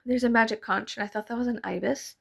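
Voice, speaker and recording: Gravelly woman rambling in casual voice-over. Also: on the high side, fairly even intonation, quick pace, a bit bright. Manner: rambling, swears casually, laughs often. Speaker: vlogger. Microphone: voice-over mic.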